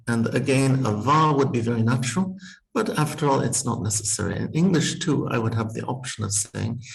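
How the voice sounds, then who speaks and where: Gravelly-voiced professor thinking aloud. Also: male voice, mid-range voice, moderate pace, poor audio. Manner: thinking aloud, careful, hesitant restarts, frequent small laughs. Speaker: Sanskrit professor. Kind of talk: university text-reading seminar.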